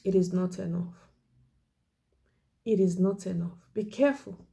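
This woman evangelist has a lowish, dark, creaky voice, steady in tone, speaking at a measured pace with frequent pauses. Her exhortation sermon is emotional, near tears, full of earnest pleading and repetition, with key words dropped to a whisper.

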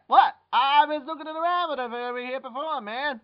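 A man's voice: very high-pitched, moderate pace. A young man doing goofy comedic fan-dub voice acting, jumping between character voices. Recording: muffled lo-fi home recording.

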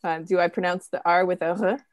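A woman's voice: fairly low pitch, steady tone, fast. A young woman hosting a casual game stream, chatty and giggly, with lots of ums and uhs. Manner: chatty, giggly, many fillers. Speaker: host.

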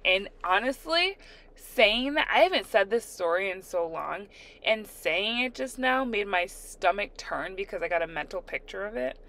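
A young adult woman casually telling a story while doing her nails, animated and laughing as she re-enacts her own panic. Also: mid-range voice. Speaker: storyteller, nail art vlogger.

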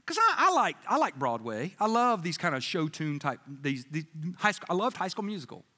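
Fairly high in pitch and a little fast, a man preaches from the pulpit of a church sanctuary, where the recording rings with long reverb. He tells lively stories, drops in humorous asides, and gives each person he quotes a voice of their own.

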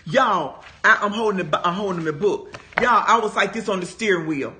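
Animated bright-voiced woman in her fifties. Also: mid-range voice, normal speed, slight background noise. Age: 50s. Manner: animated, emphatic storytelling, addressing listeners as "y'all". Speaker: Bible study teacher. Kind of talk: personal testimony in a Bible study talk.

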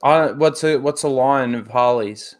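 A man's voice: medium pitch, measured pace, a little hiss or hum. A man co-hosting a podcast, firing back crude, teasing comebacks. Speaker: podcast co-host. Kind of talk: casual banter.

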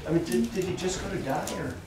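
A man teaching a children's Sunday school class, telling a Bible story slowly and with animation and asking the children questions. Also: sits high, animated. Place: church classroom. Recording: echoey room, distant mic, faint noise.

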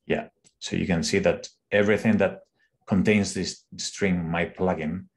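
A man, an engineer, walking through a live coding demo on a call, thinking aloud in an unhurried way with restarts. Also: low-pitched, steady tone. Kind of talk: screen-share coding walkthrough.

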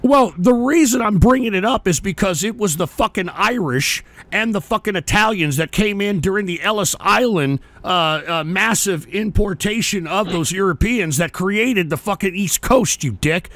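A man hosting a call-in radio show, ranting in a loud, profane, mocking and belligerent way. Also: high voice, normal speed, hardly any pauses, no echo. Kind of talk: combative call-in radio rant.

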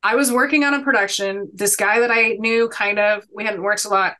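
A woman's voice: mid-range voice, steady tone, brisk, pushed and bright. A woman in her thirties, a podcast guest, telling stories in an earnest, emphatic, motivational way. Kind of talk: conversational storytelling.

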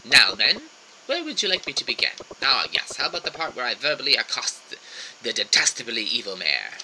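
A man's voice: medium pitch, big pitch swings, brisk, noisy background, close to an everyday voice. A man doing a pompous windbag storyteller. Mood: eager. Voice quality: grandiose, theatrical storytelling. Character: pompous long-winded adventurer storyteller, male.

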